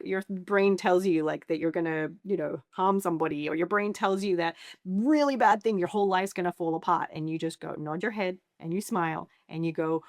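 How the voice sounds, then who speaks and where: A middle-aged woman therapist teaching anxiety skills in a playful, lively way, acting out cheeky comebacks. Her voice sits a little low, and the sound is close and dry. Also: moderate pace, no echo. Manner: playful, acts out sassy quoted replies. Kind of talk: educational talk to camera.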